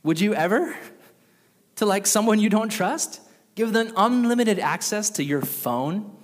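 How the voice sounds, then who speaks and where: A young adult man preaching a sermon, animated and conversational, with casual asides to the congregation. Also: high-pitched, unhurried. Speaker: pastor. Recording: reverberant hall.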